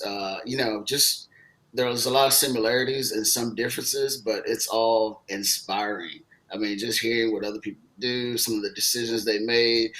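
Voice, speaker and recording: A man from Southeast Texas with a Texan accent, talking casually as a guest, easygoing and halting with lots of fillers. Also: fairly low pitch, sharp tone, low-quality recording. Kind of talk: casual conversation.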